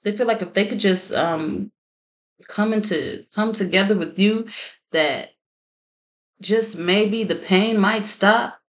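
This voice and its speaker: A woman's voice: mid-range voice, takes it slowly. A woman giving a chatty tarot reading, praying aloud and often laughing. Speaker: tarot reader. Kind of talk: casual tarot reading to camera.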